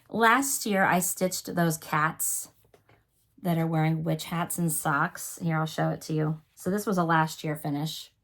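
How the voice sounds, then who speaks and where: Chatty woman with a cough. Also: lowish voice. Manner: chatty, apologetic, enthusiastic. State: coughing, with a sore throat. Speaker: cross-stitch video host. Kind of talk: casual show-and-tell chat.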